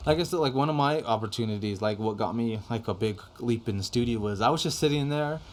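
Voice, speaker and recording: A man's voice: medium pitch, quick pace. Rambling young man telling stories. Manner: rambling, filler-heavy, swears casually. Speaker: podcast guest telling studio stories. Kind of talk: casual chat.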